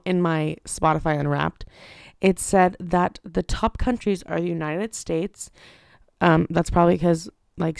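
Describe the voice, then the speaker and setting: A woman's voice: lowish voice, creaky, smooth, no room sound, studio quality. A young woman hosting a casual solo podcast, chatty and rambling with lots of fillers and the odd swear. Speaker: podcast host.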